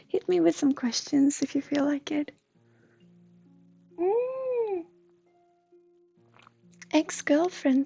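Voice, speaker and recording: A woman from Sweden, a streamer and intuitive counselor chatting softly with viewers, often slipping into a breathy whisper. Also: sits high, no echo. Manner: soft, often drifting into a breathy whisper, laughs often. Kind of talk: live stream chat with viewers.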